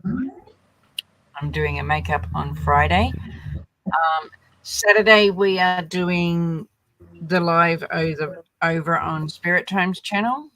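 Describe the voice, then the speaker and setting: Brief: older Australian woman, livestream host, slow delivery, bright yet gravelly tone. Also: fairly low pitch, no echo, low-quality recording. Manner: relaxed, rambling, lots of fillers. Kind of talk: casual livestream chat.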